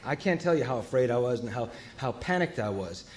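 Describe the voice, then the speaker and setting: A man sharing his recovery story in a humorous, animated way, jumping between loud outbursts and hushed asides. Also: medium pitch, fairly quick, a little hiss or hum.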